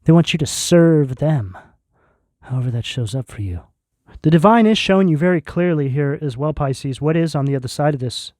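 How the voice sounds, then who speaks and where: A man's voice: a little high, expressive, darkish tone, dry recording, studio quality. Intense, emphatic man reading tarot. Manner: slow, emphatic, intense declarations. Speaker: tarot reader.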